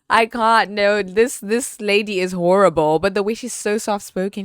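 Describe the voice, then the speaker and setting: A woman hosting a podcast, chatting about a film in an animated, exclaiming way with lots of fillers. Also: mid-range voice, moderate pace, no echo, clean studio sound. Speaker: podcast host. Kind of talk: casual movie review chat.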